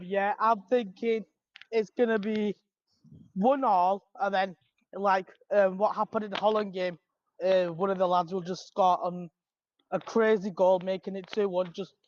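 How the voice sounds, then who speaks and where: Hesitant high-voiced man, podcast regular, dull lo-fi line. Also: slight background noise. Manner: hesitant, filler-heavy. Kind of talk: casual chat.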